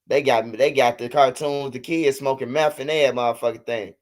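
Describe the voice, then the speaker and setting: A man's voice: mid-range voice, fairly even intonation, normal speed. A man in his thirties hosting a livestream, talking loosely and profanely in casual chat. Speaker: livestream host.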